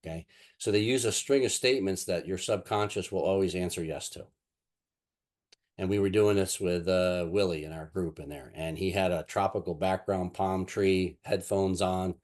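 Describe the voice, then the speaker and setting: Low deep-voiced guy teaching, rambly, lots of um and you know, telling stories. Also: moderate pace, darkish tone. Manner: rambling, many fillers and restarts. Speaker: NLP instructor. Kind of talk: casual teaching talk with anecdotes.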